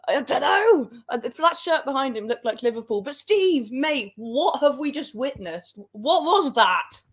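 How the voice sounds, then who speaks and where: A woman's voice: high voice, big pitch swings, a little slow. A young woman hosting a football livestream, dramatic and laughing often. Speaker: livestream host. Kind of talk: excited livestream chat.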